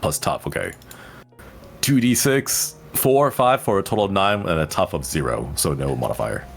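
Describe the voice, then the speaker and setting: A man's voice: deep voice, expressive, normal speed, creaky, faint music behind. A man playing a tabletop game, chatty and a little hesitant. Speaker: player.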